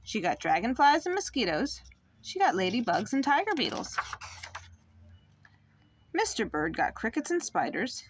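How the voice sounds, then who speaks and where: Expressive mother reading a picture book. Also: on the high side, normal speed, long pauses, slight background noise. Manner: expressive and sing-song. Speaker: mother reading to her child. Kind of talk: picture book read-aloud.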